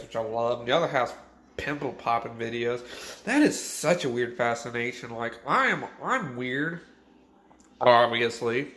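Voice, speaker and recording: A man's voice: mid-range voice, fairly bright tone. A drunk young man rambling crudely to camera, swearing and laughing at his own jokes. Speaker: vlogger. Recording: echoey room.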